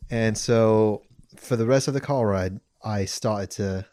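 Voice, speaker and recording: A man's voice: fairly low pitch, measured pace, dry recording. A man casually telling a funny story on a podcast, laughing often. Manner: animated, laughing, slips into a mock British accent for quotes. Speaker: podcast host.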